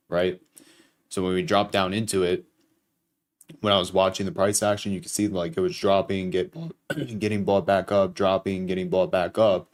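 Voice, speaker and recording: A young man hosting a live trading stream, casually talking chat through his trades with some profanity. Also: low voice. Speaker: livestream trading host.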